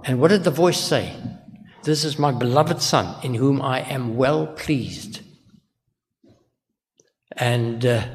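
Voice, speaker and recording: An older male minister delivers an earnest sermon, asking the congregation question after question. His voice sits a bit higher than most men's. A long reverb trails every phrase.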